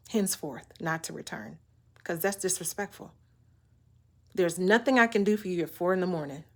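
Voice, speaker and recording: A woman vlogger in a casual to-camera monologue, blunt and exasperated. Her voice sits a little low. She punches key words and repeats herself when she gets worked up. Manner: blunt, emphatic, exasperated ranting. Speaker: vlogger giving relationship talk.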